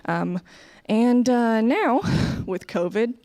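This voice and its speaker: A woman's voice: on the high side, animated, takes it slowly, dark tone. An American woman performing live stand-up comedy on a stage, talking in a chatty way with frequent "like" and "okay" asides. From United States.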